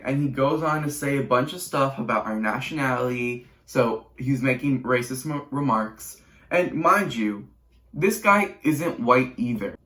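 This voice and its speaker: A man's voice: mid-range voice, unhurried, bright, forceful tone. A teenage boy YouTuber telling a casual storytime vlog with chatty, sarcastic asides and rambling restarts. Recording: roomy echo.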